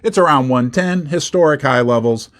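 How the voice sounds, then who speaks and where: A man's voice: medium pitch, normal speed, a bit bright. A middle-aged man hosting his own channel, giving casual market commentary in an emphatic way, often repeating words for stress. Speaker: host.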